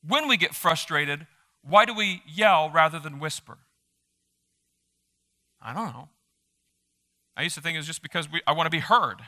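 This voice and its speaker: A man preaching a sermon as a pastor, reading scripture aloud with energy and dropping into quiet offhand asides. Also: on the high side, normal speed, pauses often. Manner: animated, shifts between loud reading and quiet asides. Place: church sanctuary. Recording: reverberant church hall.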